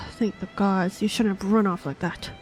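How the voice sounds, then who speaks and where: A woman reading the lines of a gruff, curt young male dark knight in a game. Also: medium pitch, steady tone, moderate pace, faint music behind, lightly acted. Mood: relieved.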